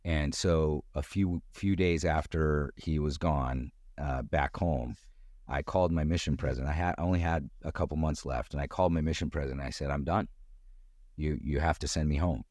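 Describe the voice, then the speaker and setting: A middle-aged man telling a personal story in casual conversation, acting out quoted voices with sudden jumps in pitch. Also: moderate pace, darkish tone, no echo, studio quality. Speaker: guest storyteller.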